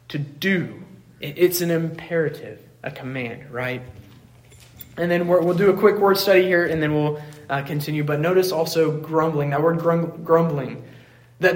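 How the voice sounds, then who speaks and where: A man preaching a sermon as pastor, earnest, climbing to emphatic peaks and then falling soft, often restarting words as he goes. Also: high voice, low-quality recording. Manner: repeats words while restarting.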